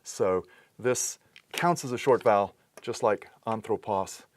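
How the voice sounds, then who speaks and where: A man giving a patient recorded lesson on accenting Greek words, explaining step by step with pauses and restarts. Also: fairly low pitch, slight background noise. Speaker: teacher.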